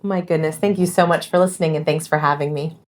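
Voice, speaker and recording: A woman guest giving animated, emphatic interview answers about communication, acting out example phrases. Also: low voice, quick pace.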